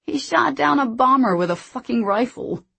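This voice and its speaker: A woman reading a brash, quick-tempered young man in an audiobook, her voice loud and indignant. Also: high-pitched, lively intonation, creaky, husky, pitched above the performer's own voice, full character voice.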